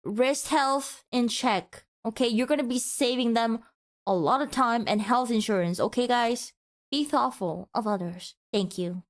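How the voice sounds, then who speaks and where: A woman's voice: on the high side, unhurried. A woman streamer giving a mock-passionate, teasing rant to her chat in a playful, dramatic way.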